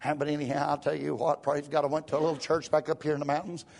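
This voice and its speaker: A man preaching a fervent sermon, talking in a rhythmic flow peppered with "uh" and "praise God" and rising to shouts at times. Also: on the high side, flat delivery, fast, gravelly.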